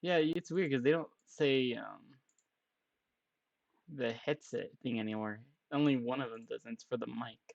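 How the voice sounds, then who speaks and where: A man's voice: medium pitch, moderate pace, gravelly, darkish tone, no echo, dull audio. A man streaming a game in a casual, joking way, chatting with his viewers and laughing often.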